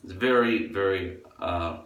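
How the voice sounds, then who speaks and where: A man's voice: measured pace, fairly bright tone. A man delivering a crude, profane, rambling monologue as a vlogger. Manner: crude, profane ranting; acts out others in a high falsetto. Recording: echoey room, far from the mic.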